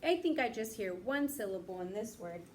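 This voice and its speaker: A young woman teaching young children, speaking slowly and clearly, patient and encouraging, stretching out each word. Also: mid-range voice, expressive, slight background noise.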